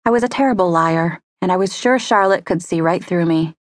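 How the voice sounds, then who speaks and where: Low-voiced woman narrating an audiobook. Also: no room sound, clean studio sound. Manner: measured, conversational storytelling. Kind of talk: first-person audiobook narration. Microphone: close studio mic.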